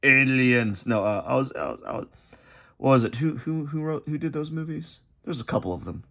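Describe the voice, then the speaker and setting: Male artist vlogger, gravelly, lively pitch, rambling unscripted chat while sketching. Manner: rambling, halting, repeats himself.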